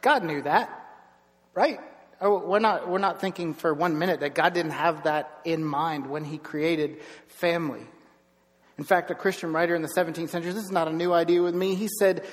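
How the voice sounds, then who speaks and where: A middle-aged man preaching a sermon as pastor, telling stories with lively bursts of emphasis. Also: on the high side, moderate pace, big-room sound. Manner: storytelling, animated with bursts of emphasis. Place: church sanctuary.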